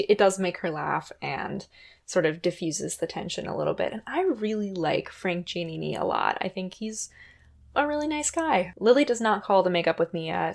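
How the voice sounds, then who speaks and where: Chatty young woman recapping a book. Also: on the low side. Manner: chatty, conversational with fillers. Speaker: podcast host.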